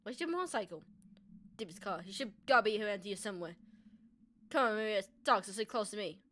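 A woman's voice: mid-range voice, animated, fairly quick, a bit bright, a little hiss or hum. A young woman playing a game on video, chatting, reacting and reading the characters' lines aloud. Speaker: let's play gamer. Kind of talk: casual gameplay commentary reading dialogue aloud.

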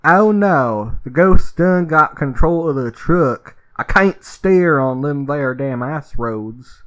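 A man voicing panicky male redneck truckers in a put-on rural Southern accent, loud and twangy, pitched high. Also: lively intonation, slow, no room sound. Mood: panicked.

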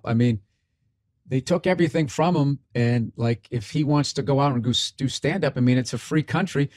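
A man's voice: medium pitch, a little fast, darkish tone, no echo, studio quality. A middle-aged man with a Boston accent, hosting a comedy podcast in a blunt, profane, rambling rant.

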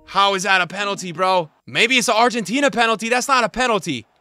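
A man streaming a football video game, talking to his chat in slangy, repetitive commentary that jumps from shouting at the referee to low muttering. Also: quick pace, dry recording, soft background music. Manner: swings between shouted outbursts and low muttering; slangy, repeats himself. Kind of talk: live gameplay commentary.

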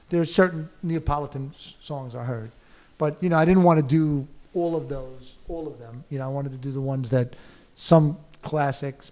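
A man's voice: medium pitch, darkish tone. A man from the United States, a film director and actor, talking animatedly as a guest in an onstage conversation, full of "you know" and laughter.

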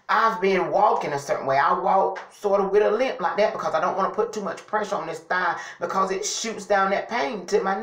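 Woman vlogger, low-pitched, recorded in a roomy echoey space at home, talks in a lively testifying way. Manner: chatty, testifying, often says "y'all". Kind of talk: casual storytelling to camera.

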